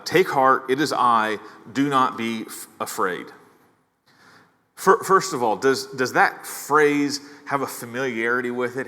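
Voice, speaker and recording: A man's voice: medium pitch, sharp tone, big-room sound. A male pastor preaching a sermon in a conversational way, with casual asides and key phrases repeated. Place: church.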